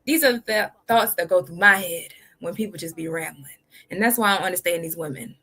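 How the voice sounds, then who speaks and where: A woman's voice: on the low side, fairly quick, fairly bright tone. A woman hosting a reaction video, talking bluntly and emphatically. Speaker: reaction channel host. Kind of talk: casual commentary.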